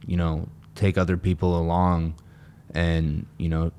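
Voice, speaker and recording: In a relaxed interview, a guest with a very deep, clean-sounding voice talks a little slowly about how he recovered. His telling is sincere but rambling, full of restarted sentences, circling phrases, and filler words.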